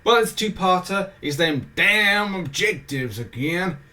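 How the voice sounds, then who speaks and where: A man's voice: sits high, expressive, a little slow, bright, forceful tone. Jokey rambling British man. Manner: rambling, jokey, self-mocking asides. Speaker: gaming show host. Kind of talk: casual weekly game schedule rundown.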